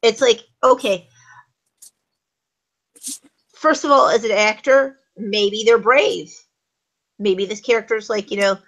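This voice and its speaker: Brief: woman co-host, mid pitch, casual and explanatory, acts out examples. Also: slow pace, pauses often, a bit bright, lo-fi sound. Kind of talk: casual talk show discussion.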